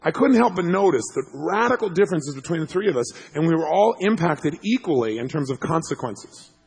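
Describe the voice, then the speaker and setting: A man telling a story to an audience as a motivational speaker, animated and laughing as he acts out what people said. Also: a little high, a little fast, gravelly, husky.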